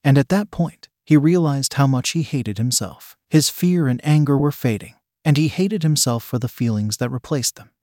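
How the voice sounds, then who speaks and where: A man narrating a story in an even, unhurried reading voice. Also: medium pitch, no room sound, clean studio sound.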